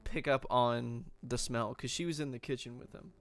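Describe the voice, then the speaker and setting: A man runs a tabletop game over a video call in a relaxed, unhurried way, leaning on fillers as he explains. His voice is gravelly with a lot of fry, yet smooth and resonant. He sits at a middling pitch. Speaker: game master. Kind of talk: running a tabletop game online.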